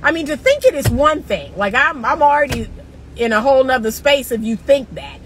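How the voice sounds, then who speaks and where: A woman's voice: high-pitched, lively intonation, brisk, a little hiss or hum, poor audio. A woman relationship coach talking straight to her viewers in a casual, emphatic way, laughing often, recorded in a car. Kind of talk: casual advice monologue.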